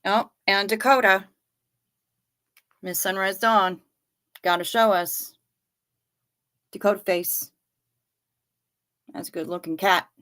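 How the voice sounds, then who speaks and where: A woman's voice: mid-range voice, fairly even intonation, slow pace, pauses often, fairly bright tone. A woman hosting a casual livestream, reading viewers' comments aloud and chatting back to them in a friendly, apologetic way. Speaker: livestream host reading chat.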